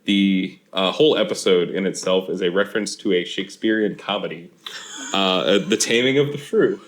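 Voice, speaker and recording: A young man co-hosting a podcast, easygoing and quick to laugh. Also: deep voice. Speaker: podcast co-host. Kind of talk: casual podcast chat.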